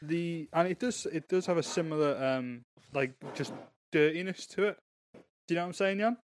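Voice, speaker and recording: A man's voice: on the high side, normal speed, a little hiss or hum. A man co-hosting a casual music review podcast, rambling and searching for words. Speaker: podcast co-host.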